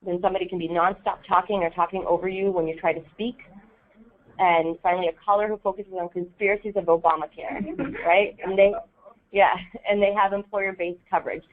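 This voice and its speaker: Woman trainer, lowish voice, chatty teaching manner with lots of "right?", thin lo-fi phone-like sound. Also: fairly even intonation, a little fast. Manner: casual, many ums and rhetorical "right?". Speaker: volunteer trainer. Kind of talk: training session talk. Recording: tinny phone-like audio.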